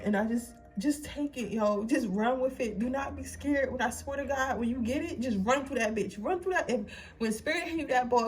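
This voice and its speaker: A woman's voice: high-pitched, moderate pace. A young woman doing a casual tarot reading, giving a slangy, swearing pep talk while crying. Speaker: tarot reader.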